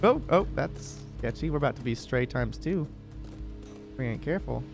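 A young man giving live gameplay commentary as a streamer, with sudden loud excited exclamations between quieter musing. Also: mid-range voice, moderate pace, gravelly, over music. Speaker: gaming streamer.

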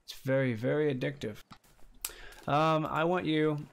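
A man streaming a survival game live, chatting with viewers and reacting excitedly as he plays. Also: unhurried, creaky. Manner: excitable, chatty, greets viewers, bursts into high squeals and laughs. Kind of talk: casual live-stream commentary. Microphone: desk condenser mic.

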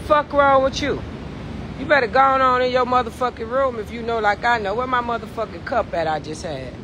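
A woman ranting on a livestream, cursing hotly, her pitch swinging widely. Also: fairly quick, background noise. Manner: profane, heated ranting with big pitch swings. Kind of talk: livestream rant.

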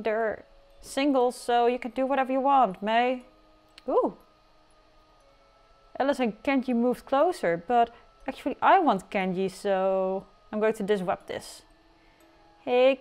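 A woman's voice: a little high, clear, resonant tone. A woman casually narrating her life simulation gameplay in a chatty, teasing way, with playful outbursts. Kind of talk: casual game commentary. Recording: faint music behind.

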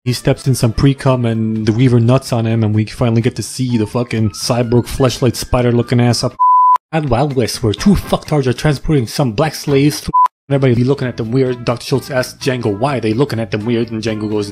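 A man tears through a movie plot with crude, sarcastic commentary. His voice sits at an ordinary middle pitch, and he swears freely while poking fun at what happens on screen. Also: fairly even intonation, brisk, dark tone. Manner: crude, profane, sarcastic, jumps into silly voices. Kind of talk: comedic movie recap narration.

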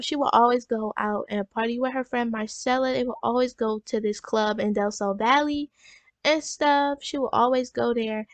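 A woman's voice: on the high side, fairly bright tone, dry recording. A woman hosting a gaming channel, telling her game's story in a rambling, casual way full of fillers. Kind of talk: casual let's-play narration.

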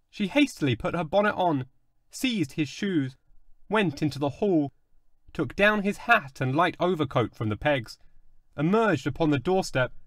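A male narrator giving an expressive, dramatic reading of a classic story. His voice sits fairly high for a man and rises and falls widely. The recording is dry and close, with no room echo. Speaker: audiobook narrator.

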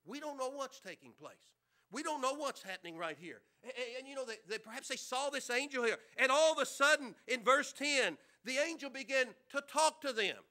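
High-voiced, bright preaching man. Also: lively intonation, a little fast. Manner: conversational preaching, rhetorical questions, repeated words. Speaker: pastor. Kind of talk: sermon. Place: church.

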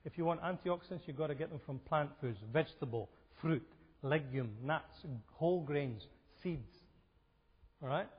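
Slightly high, husky, and at a moderate pace, this man's voice carries through a church hall where he's presenting a health seminar. He talks in a conversational way and poses questions to the listeners, and the lo-fi recording picks up the hall's reverb.

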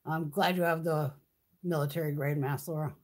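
A middle-aged woman runs a beauty livestream, chatting in a relaxed way, telling lively stories and swearing freely. Her voice is deep and her pace is normal.

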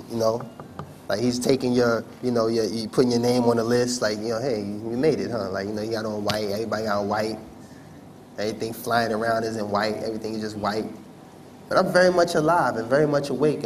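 A man speaking to an audience at a university campus event, telling a personal story in an animated way with slangy asides. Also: mid-range voice, slight background noise.

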